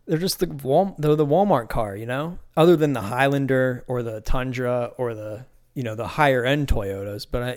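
A young man from Pittsburgh hosting a solo podcast, talking loosely and profanely with lots of restarts. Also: mid-range voice. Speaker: podcast host. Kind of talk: casual solo podcast rant.

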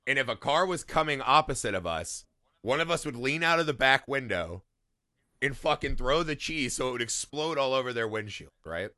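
A man's voice: medium pitch, moderate pace, no room sound, clean studio sound. A man from Indiana in casual podcast chat, telling stories animatedly with lots of swearing and laughter. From Indiana, USA. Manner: profane, animated storytelling with frequent laughs. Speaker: podcast co-host.

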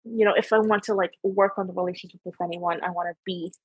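A woman's voice: fairly low pitch, steady tone, fast, slightly rough, dry recording, rough recording. Rambling young Ontario-accented woman host. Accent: Canadian, Ontario. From Canada. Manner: rambling, many "like" fillers. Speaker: podcast host. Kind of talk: casual chat.

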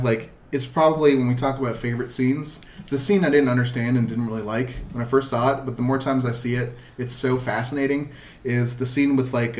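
A man co-hosts a casual podcast, talking at a middle pitch. He rambles and fills his sentences with "like". The room has a noticeable echo. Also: darkish tone. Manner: rambling, lots of "like". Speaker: podcast co-host. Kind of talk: casual chat.

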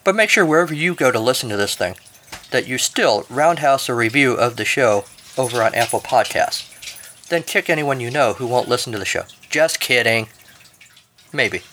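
A man's voice: mid-range voice, expressive, moderate pace, pushed and bright. A man hosting a podcast, narrating a comic story and reading the outro with dry, jokey asides. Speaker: podcast host.

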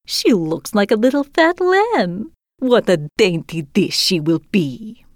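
A greedy, fierce old robber crone with a bearded menace to her, as a woman reader puts her on, drawn out slowly and swooping from low growls up to shrill peaks. The voice sounds strained and unlike the reader's own, recorded dry and close. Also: big pitch swings, dry recording.

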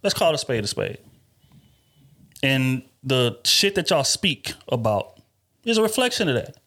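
A man's voice: mid-range voice, sing-song, a little slow, a bit bright. A man hosting a podcast, talking about dating in an emphatic, profane, casual way. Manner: emphatic, profane, talks over others. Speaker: podcast host.

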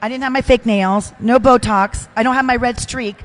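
A woman's voice: on the high side, fairly even intonation, normal speed. An older woman chatting as a podcast guest, emotional and self-deprecating, with frequent restarts. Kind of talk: casual chat.

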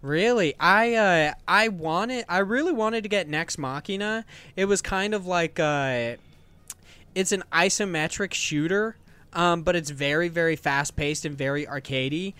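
A man hosts a podcast in casual, enthusiastic chat. His voice sits a little high, and he drifts through fillers and restarts as he talks. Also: unhurried, sharp tone, smooth. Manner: chatty, enthusiastic, many fillers. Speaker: podcast host.

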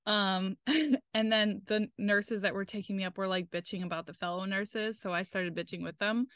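A woman's voice: mid-range voice, steady tone, normal speed, a bit bright, clean tone, no room sound, clean studio sound. A young woman talking casually and candidly as a podcast co-host, swearing freely as she tells a personal story and quotes the people in it.

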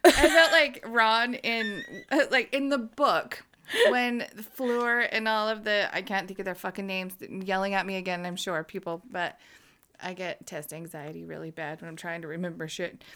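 A woman's voice: mid-range voice, fairly even intonation, normal speed, sharp tone. A woman in casual chat who swears freely, giggles and gushes. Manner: swears a lot, giggly, fangirling.

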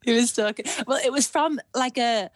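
A woman's voice: fairly high pitch, normal speed, dry recording. A woman co-hosting a podcast, telling a story in a giggly, casual way. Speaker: podcast co-host. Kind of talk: casual chat.

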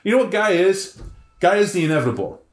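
Animated, rambling man in an echoey room. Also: high voice, quick pace, faint music behind. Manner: animated, rambling, acts out voices. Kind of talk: casual chat about tabletop role-playing lore.

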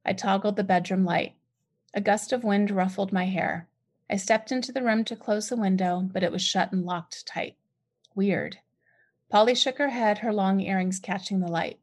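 A woman reads her own novel aloud in the first person, in a voice of middle pitch. She tells the story plainly, then lifts sharply and loudly whenever a character speaks. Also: moderate pace. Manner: expressive, lifts voice sharply for dialogue. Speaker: author reading her novel. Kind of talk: first-person fiction reading.

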